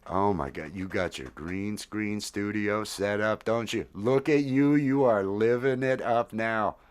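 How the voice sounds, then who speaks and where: A man hosting a live stream, chatting loosely with viewers and greeting them by name while high. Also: unhurried, clear, resonant tone. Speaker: livestream host and musician. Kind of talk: casual chat to a live stream audience. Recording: echoey room with loud music behind. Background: loud music.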